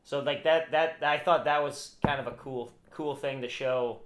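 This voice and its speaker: Speaking at normal speed with a mid-range voice, a man co-hosting a podcast chats casually, wandering off and restarting often, and becomes animated as he laughs. The recording is in an echoey room with slight background noise.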